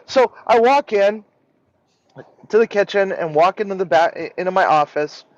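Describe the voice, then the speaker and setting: A man in a casual live-stream chat, telling a rambling, animated story and swearing freely. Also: high-pitched, moderate pace, no room sound. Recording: dull lo-fi sound.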